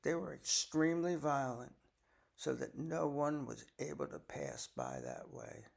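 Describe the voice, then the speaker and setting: A man's voice: a little high, huge pitch swings, a little slow, vocal fry. An older man, a grandfather, reading scripture aloud and breaking off for folksy, chatty asides to explain it. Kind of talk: bible reading with casual commentary.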